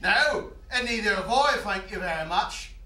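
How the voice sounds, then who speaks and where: A man's voice: high voice, expressive, normal speed, noisy background. A man voicing a mounted stag head that chides a politician in a mock-British manner, recorded on an echoey stage from a distance. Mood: chiding. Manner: mock-British, chiding and sly. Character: talking mounted stag head, male, wry and meddling.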